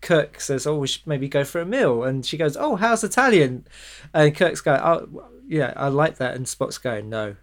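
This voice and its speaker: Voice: medium pitch, moderate pace, hardly any pauses. A host chatting about a film, laughing often and acting out the characters' lines. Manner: laughs often, acts out quotes. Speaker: podcast host. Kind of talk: casual film discussion.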